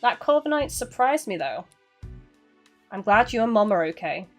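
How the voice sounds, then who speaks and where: A woman casually commenting on a game she plays, chatty and quick to laugh and react out loud. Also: mid-range voice, very animated, soft background music. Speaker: let's play streamer.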